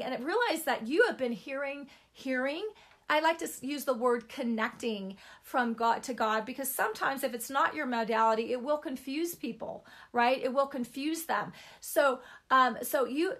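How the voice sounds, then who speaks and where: High-voiced chatty woman teaching faith. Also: a bit bright. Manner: chatty, emphatic, repeats words for stress. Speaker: Christian teacher. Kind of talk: informal spiritual teaching talk.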